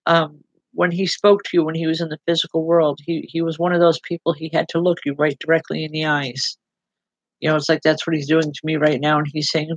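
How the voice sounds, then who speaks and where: A woman giving live spiritual readings as a medium, speaking haltingly with repeated words and a gently reassuring manner. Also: low-pitched, little pitch movement, dry recording, lo-fi sound. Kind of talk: live online psychic readings.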